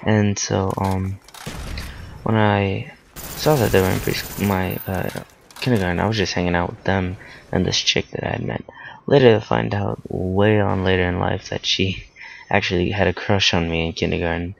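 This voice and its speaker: A man's voice: low-pitched, little pitch movement, moderate pace, creaky, a little hiss or hum. A teenage boy casually telling a personal story, rambling with lots of fillers and self-corrections. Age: teens.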